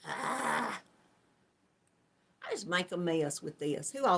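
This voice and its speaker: A woman's voice: fairly low pitch, huge pitch swings, slow, fairly bright tone. A middle-aged woman with a Southern US accent hosts a casual live stream, greeting viewers one by one and calling them hon and darling. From Georgia, US. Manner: chatty, affectionate, calls viewers hon and darling.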